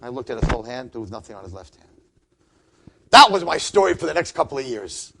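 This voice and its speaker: Animated middle-aged man telling a story. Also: mid-range voice, fast talker, gravelly. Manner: animated, acts out the dialogue, builds to excited peaks; chatty and informal, peppered with "like". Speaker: rabbi and educator telling a story. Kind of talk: inspirational storytelling talk.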